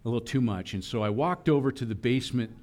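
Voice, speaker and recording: A man preaching a sermon, animated, acting out voices in quoted lines. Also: mid-range voice, fast talker. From Philadelphia area. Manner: animated preaching, voicing God and children in quotes. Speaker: pastor.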